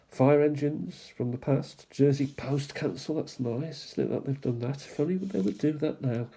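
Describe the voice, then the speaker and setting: A man hosting a stamp collecting channel, musing aloud in an unhurried way as he shows stamps one by one, with small asides. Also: medium pitch, mellow. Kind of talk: casual show-and-tell commentary.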